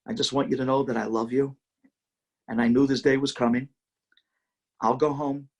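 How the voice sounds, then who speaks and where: A man voicing a gentle, selfless blind husband in a soft, tender, lower voice. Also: fairly even intonation, moderate pace, close to an everyday voice.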